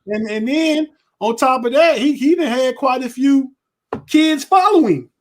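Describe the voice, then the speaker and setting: A man's voice: extremely high pitch, unhurried. A man co-hosting a sports podcast, talking in a laid-back, colloquial way and often repeating words. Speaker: podcast co-host. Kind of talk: casual sports chat.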